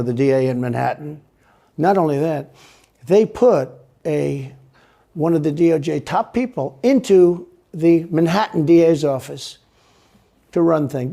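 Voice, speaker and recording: A man's voice: on the high side, gravelly, warm tone. A man speaking as an interview guest, rambling and repeating himself with a boastful tone. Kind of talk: played interview clip.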